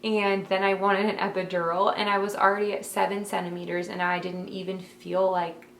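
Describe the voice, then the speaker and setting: A young woman chats to the camera from her bedroom, telling a story in an easy, emotional way. She fills her speech with "like" and "um". The room adds a clear echo, with a faint hum of ambient noise behind her. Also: medium pitch, level tone, fairly quick, fairly bright tone. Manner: chatty, many fillers like "like" and "um"; emotional, heartfelt.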